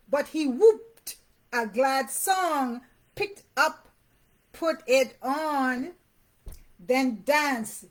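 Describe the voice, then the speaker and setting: A woman with a high, bright voice reads a rhyming picture book to very young children at an unhurried pace. She sing-songs the sound words and keeps pausing to ask the child what they see. She also talks warmly and directly to the parents. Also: lively intonation. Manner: pauses to ask the young listener questions about the pictures; sing-song reading of rhymes and sound words.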